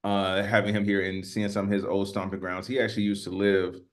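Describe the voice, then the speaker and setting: A man in his fifties co-hosting a podcast, talking casually and getting animated when worked up. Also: low-pitched, a little fast. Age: 50s. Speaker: podcast co-host. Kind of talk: casual chat.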